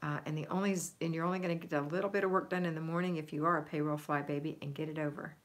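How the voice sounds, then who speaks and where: A woman's voice: low voice, fairly even intonation, racing. Chatty woman hosting a livestream. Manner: chatty and upbeat, laughing often, trailing off with ums. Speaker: home organizing livestream host. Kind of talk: casual livestream chat reading viewer comments.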